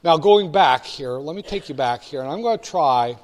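A stock market commentator gives a casual screen-share walkthrough of stock charts, chatting away with wry asides and frequent restarts. His voice is fairly high and expressive, at a moderate pace.

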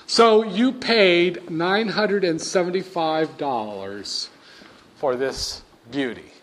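Man, lecturer, high-ish voice, dry humour, classroom delivery. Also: very animated, slow. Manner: wry and joking, plays scenes out.

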